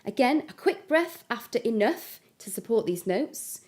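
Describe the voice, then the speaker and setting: A woman giving a singing lesson, explaining vowel shapes step by step and demonstrating high notes. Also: very animated, a little slow, a little mellow. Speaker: singing teacher. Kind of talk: vocal lesson with sung examples.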